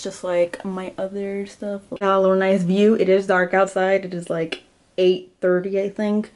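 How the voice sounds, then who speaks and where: A woman's voice: medium pitch, darkish tone, slight background noise. A young woman giving a casual house tour for her vlog, chatty and giggly, a little out of breath as she walks from room to room indoors. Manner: chatty, giggly, lots of "like" fillers. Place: small rented house, indoors, walking room to room.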